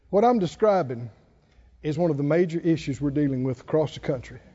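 A man's voice: a little high, animated, a little fast, dark tone, breathy edge. A man preaching a sermon, chuckling often and building to emphatic calls to his listeners. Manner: preaching with laughs and rising exhortation. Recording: dull sound in a reverberant hall.

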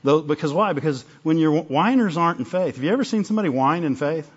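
A man preaching to his congregation, chatty and plainspoken, breaking off mid-sentence and acting out little exchanges. His voice sits a little high for a man. The recording is dull and lo-fi. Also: expressive, quick pace, slightly rough. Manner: conversational, self-interrupting, acts out little dialogues. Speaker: pastor. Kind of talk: sermon.

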